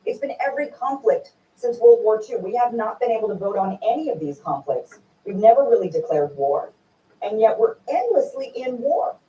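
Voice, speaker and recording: A woman hosting a political interview, animated and indignant, firing rhetorical questions. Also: on the high side, normal speed, highs cut off. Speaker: host. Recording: echoey room from far off.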